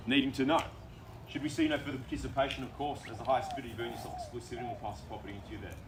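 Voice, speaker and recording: An Australian man working as an auctioneer, calling bids in a quick, persuasive patter at an outdoor property auction. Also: mid-range voice. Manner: fast, persuasive auction patter with repeated bid calls. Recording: distant outdoor mic with background noise.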